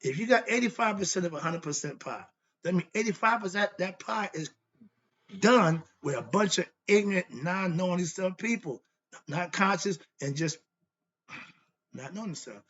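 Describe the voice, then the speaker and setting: This host's voice is high-pitched and animated, slightly bright, moving at a moderate pace through a muffled recording. His philosophy monologue lectures on self-knowledge in a blunt, preachy way, full of repetition and rhetorical questions he answers himself, and he sounds annoyed.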